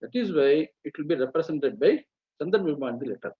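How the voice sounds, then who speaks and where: A man's voice: fairly high pitch, lively intonation, slightly rough. A middle-aged man with an Indian accent gives a spoken lecture on chanting rules, hesitating with many fillers and breaking into sample chants. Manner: halting, many fillers, demonstrates chants mid-sentence. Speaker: Vedic chanting teacher. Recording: muffled webinar audio.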